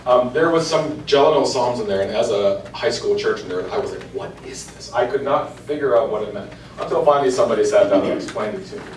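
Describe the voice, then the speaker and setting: A man's voice: mid-range voice, fast, few pauses, recorded from a distance. A man, a church cantor, giving an informal lecture to an adult class and chanting example lines in rhythm. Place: church meeting room. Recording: echoey room, voice from afar, faint hiss.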